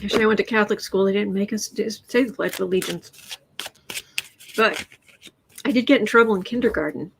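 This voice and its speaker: A woman's voice: mid-range voice, a little fast, creaky, long pauses, a little hiss or hum. A woman hosting a tarot livestream, chatting casually, telling anecdotes and reading out viewer comments. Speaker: tarot reader and livestream host.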